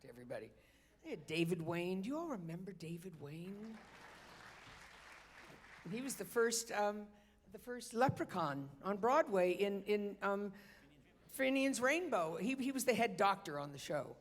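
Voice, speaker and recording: A woman's voice: medium pitch, very animated, normal speed. A woman telling a chatty, self-mocking anecdote live on a theater stage, with hesitant restarts. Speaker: guest storyteller at a benefit concert. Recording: long reverb of a concert hall.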